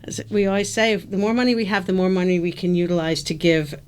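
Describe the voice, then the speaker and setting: A middle-aged woman speaking in a casual interview as a fund co-founder, chatty and quick to chime in. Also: on the low side, a little mellow, clear, resonant tone. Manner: quick, chatty, jumps in with agreement.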